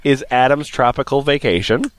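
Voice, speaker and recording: A man's voice: medium pitch, normal speed. A man co-hosting a comedy podcast, teasing and laughing often in casual chat. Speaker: podcast co-host.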